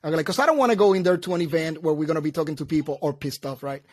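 A man telling a story in casual chat, animated, acting out both sides and laughing at himself. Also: a little high, rapid-fire, dry recording, studio quality.

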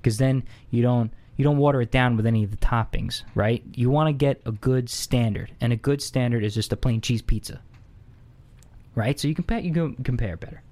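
A man casually telling a comedic anecdote, conversational with many fillers and asides, getting louder and higher as the story heats up. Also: fairly quick. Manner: animated, rising excitedly when impersonating locals.

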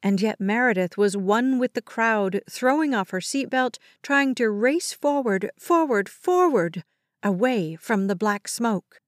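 Casting: slow, measured woman audiobook narrator, fairly high voice, dry close sound. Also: animated, no echo. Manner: measured, dramatic storytelling. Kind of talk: scripted narration.

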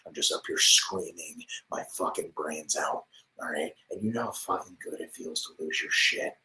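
A man talking into a desk mic in his home office, live streaming a rambling, boastful monologue that swings between loud swearing and hushed whispers. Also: low-pitched, normal speed, low-quality recording.

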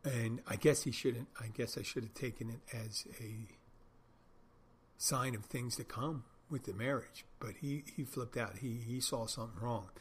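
A man's voice: mid-range voice, moderate pace, a little hiss or hum. A middle-aged man hosting a podcast, telling rambling stories in a wry, self-correcting way. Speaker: podcast host, bartender. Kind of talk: casual monologue storytelling.

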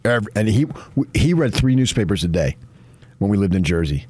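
A man's voice: lowish voice, animated, normal speed, a little mellow, husky, dry recording. A man hosting a morning sports radio show in a studio, talking with effusive, emphatic praise. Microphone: studio microphone.

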